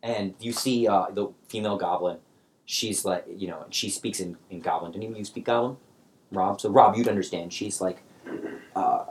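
A man's voice: lowish voice, fairly even intonation, normal speed. A man narrating as game master for a tabletop game, talking in a loose, rambling way. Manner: loose and rambling, many fillers and restarts.

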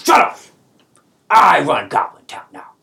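A fat goblin bully of a sumo boss, as a man puts him on, barking short broken orders. The voice sits well above a plain man's and drags its words out slowly, then rises loud and hard. It sounds like a tabletop game figure, thick and swaggering. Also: a little high, animated, pitched above the performer's own voice, full character voice. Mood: shouting. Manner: gruff broken speech, taunting.

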